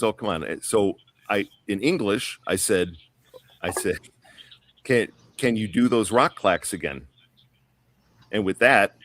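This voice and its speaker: A man's voice: on the low side, a bit bright. A man telling a long story on a podcast panel in a casual, rambling way, full of fillers and restarts. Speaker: guest.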